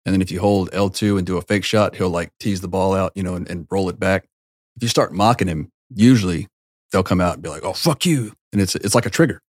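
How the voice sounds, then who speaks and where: A man's voice: low voice, steady tone, fast, a little mellow, no echo, studio quality. A man co-hosting a casual podcast, talking emphatically and giving advice with some swearing. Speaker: podcast co-host. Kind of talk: casual chat.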